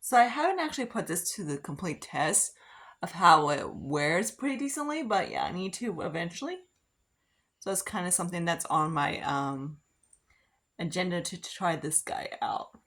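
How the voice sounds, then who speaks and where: A woman's voice: on the low side, animated, normal speed, a bit bright. A woman rambling through a casual get-ready-with-me makeup chat, full of "like" and fillers. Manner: rambling, filler-heavy, frequent "like". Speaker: beauty vlogger.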